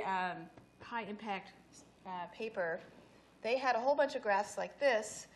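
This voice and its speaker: A woman's voice: mid-range voice, a little hiss or hum. A middle-aged woman giving an academic presentation at an event, explaining slides with frequent restarts. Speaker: speaker giving a talk. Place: event hall.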